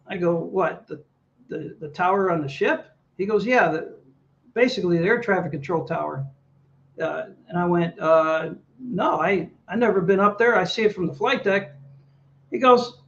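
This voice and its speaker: Guest: male veteran, high-pitched storyteller, slightly muffled lo-fi audio. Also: unhurried. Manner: animated anecdotes, acts out dialogue. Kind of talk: storytelling interview.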